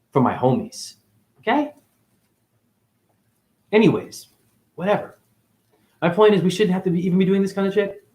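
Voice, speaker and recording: A man ranting on a spiritual livestream, cursing freely and jumping between loud high outbursts and low mutters. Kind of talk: rambling spiritual livestream rant.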